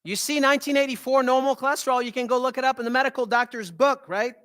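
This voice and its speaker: A man with a French Canadian accent gives an animated health talk to a live audience. His voice sits very high and sounds bright and forceful. He keeps tossing questions back to the room. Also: quick pace, clean tone. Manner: animated, repeats "right?" to the audience. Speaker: holistic health doctor giving a talk.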